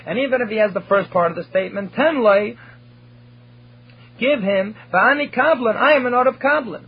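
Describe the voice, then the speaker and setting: Man lecturing, high voice, very husky, dull lo-fi recording, translating hebrew terms phrase by phrase. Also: normal speed. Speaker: Torah teacher.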